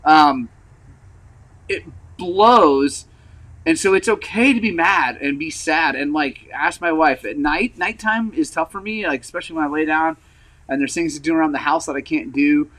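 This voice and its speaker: A man hosting a motorcycle channel in casual rambling vlog chat, frank and frustrated, with lots of fillers and throat clearing, recovering from an injury. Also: on the high side, normal speed, fairly bright tone, rough recording. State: recovering from injury, wearing a brace.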